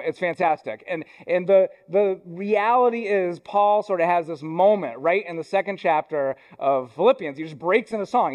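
A man's voice: on the high side, a little mellow. Conversational young male pastor preaching. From Ohio, US. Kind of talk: sermon.

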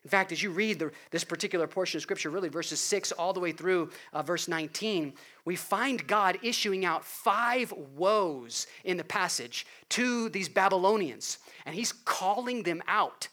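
A man preaching a sermon in an earnest way, rising to loud emphasis and dropping to hushed appeals. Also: high voice, animated, moderate pace, few pauses. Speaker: pastor.

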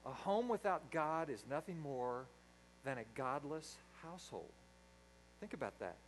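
A man preaching a sermon in a church, a dynamic speaker who swings from loud emphasis to quiet asides. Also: a little high, lively intonation, a little slow, a little hiss or hum, low-quality recording. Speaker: pastor. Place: church sanctuary.

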